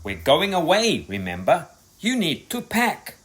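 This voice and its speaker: A brisk, no-nonsense mother, as a man plays her in a storybook. She sounds high and bossy, her pitch leaping around. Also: huge pitch swings, fairly bright tone, exaggerated voice.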